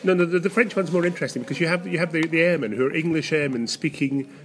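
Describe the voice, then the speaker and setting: Man, casual podcast talk, very fast pace, slightly high pitch, eager.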